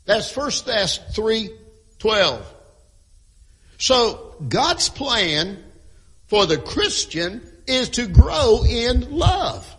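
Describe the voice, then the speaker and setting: A man preaching a sermon in a church, emphatic, repeating key phrases and often clearing his throat. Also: high voice, big pitch swings, very slow, fairly bright tone. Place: church with a sound crew. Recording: long hall reverb.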